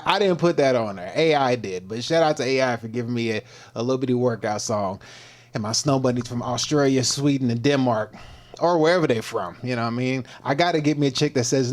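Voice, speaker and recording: A male livestream host who speaks in a loose, slangy, rambling way and keeps tripping over and repeating his words. His voice sits at an ordinary middle pitch for a man, and he slips now and then into a mock-preacher delivery. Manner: slangy, laid-back. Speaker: livestream host and fitness coach. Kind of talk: casual livestream talk.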